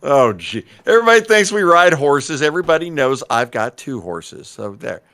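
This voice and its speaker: A man co-hosting a casual podcast, bantering and quick to laugh. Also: fairly high pitch, sing-song, a bit bright, dry recording. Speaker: podcast co-host.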